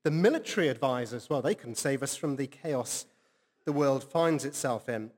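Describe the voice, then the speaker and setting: Preacher in a reverberant hall. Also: male voice, mid-range voice, animated, moderate pace. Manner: earnest, conversational preaching with rhetorical questions. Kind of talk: sermon.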